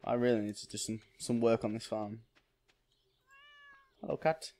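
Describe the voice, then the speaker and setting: A man's voice: lowish voice, level tone, brisk, warm tone. A man hosting a gaming channel, giving casual let's-play commentary and thinking aloud with small exclamations.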